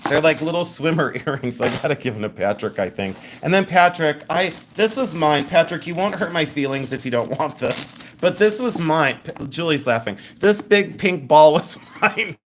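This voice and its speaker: A woman's voice: low-pitched, lively intonation, moderate pace, few pauses, a little hiss or hum. A middle-aged woman hosting a live jewelry sale in a chatty, joking way, laughing often. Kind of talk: live-stream sales chat.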